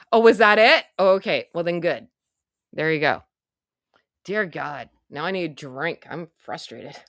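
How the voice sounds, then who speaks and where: A woman's voice: deep voice, expressive, unhurried, vocal fry, long pauses, no room sound, clean studio sound. A woman hosting a casual livestream, chatty and self-mocking, muttering to herself as she goes. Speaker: livestream host.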